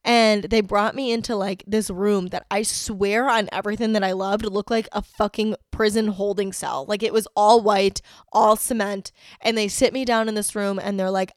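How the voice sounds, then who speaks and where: A woman hosting a podcast, telling personal stories in a frank, profane way, moving from quiet reflection to heated outbursts. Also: mid-range voice, steady tone, normal speed, dry recording, clean studio sound. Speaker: podcast host. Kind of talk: candid personal storytelling.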